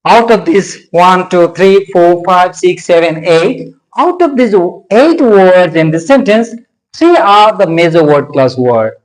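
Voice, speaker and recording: Teacher voice for a pronunciation lesson: unhurried, pitch rising and falling widely, repeats points with frequent hesitations. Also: lively intonation, poor audio. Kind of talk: explanatory lesson.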